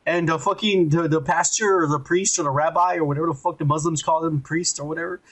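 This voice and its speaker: A man's voice: a little high, fairly even intonation, quick pace. A man hosting a podcast, recapping a show in a rambling, profane, mocking way. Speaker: podcast host.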